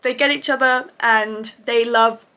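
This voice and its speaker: A woman casually reviewing anime episodes for her channel, gushing and excitable and swearing freely. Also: fairly high pitch, measured pace, smooth.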